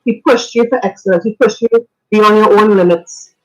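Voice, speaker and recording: A woman's voice: mid-range voice, fairly even intonation, moderate pace, faint music behind, low-quality recording. Earnest woman giving a radio tribute. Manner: earnest, reflective, sometimes laughing; faith-filled, preacher-like phrasing. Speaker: radio guest.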